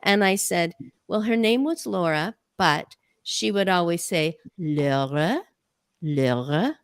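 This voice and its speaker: An older woman hosts a casual interview, an eager and chatty storyteller. Her voice sits at an ordinary pitch and is recorded close and dry, with no room sound. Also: a little slow, clear, resonant tone, dry recording. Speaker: podcast host.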